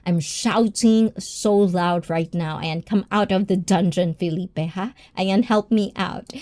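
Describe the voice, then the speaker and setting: A woman's voice: lowish voice, darkish tone. A woman hosting a casual livestream, a personal trainer who chats with viewers by name and laughs often.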